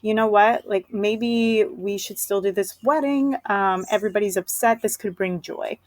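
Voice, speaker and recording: A woman's voice: medium pitch, moderate pace, no echo, natural voice. A woman paraphrasing a persuasive young suitor. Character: hopeful young male suitor.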